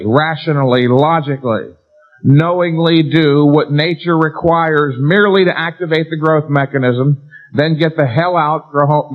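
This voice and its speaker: Emphatic male seminar lecturer, slightly high voice, rhetorical questions, muffled old tape. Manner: emphatic, asks and answers rhetorical questions, stresses key words. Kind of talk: live lecture to an audience. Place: seminar room before an audience. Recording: dull lo-fi 1990s seminar tape.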